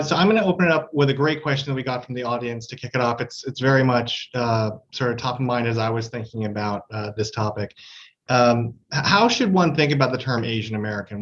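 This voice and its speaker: A male moderator reads out audience questions at a quick clip in a businesslike tone. His voice is middle-pitched, and the audio sounds slightly dull and lo-fi. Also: fairly bright tone. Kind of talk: panel moderation.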